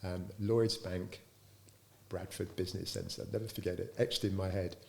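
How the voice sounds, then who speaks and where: A man's voice: low-pitched, normal speed, vocal fry, slight background noise. A middle-aged man, a business founder, tells anecdotes in an interview and acts out the dialogue in them. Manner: lively storyteller who acts out quoted dialogue.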